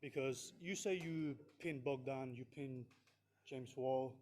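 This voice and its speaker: A man's voice: medium pitch, steady tone, takes it slowly, a little mellow. A fighter at a press conference, a man trading cocky, taunting trash talk. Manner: cocky, taunting, laughs at his rival.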